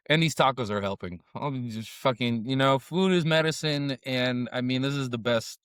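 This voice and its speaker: A man's voice: mid-range voice, normal speed, few pauses, a bit bright, clean tone, dry recording, studio quality. Middle-aged man, profane and grieving. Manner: profane, rambling, shifting between eating noises and sad confession. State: grieving, close to tears. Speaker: food vlogger and comedian. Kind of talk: casual food review vlog. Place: on camera at a taco restaurant.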